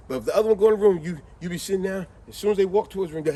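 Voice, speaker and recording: A man telling a casual story in an animated, slangy, lecturing way, recorded inside a vehicle. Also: sits high, rapid-fire, distant mic. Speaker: vlogger.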